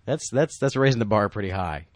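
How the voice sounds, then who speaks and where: A man with a lowish voice chatting through a film commentary, lively, quick to laugh and slip into impressions. The sound is dry and close, with no room around it. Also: no echo. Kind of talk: casual movie commentary chat.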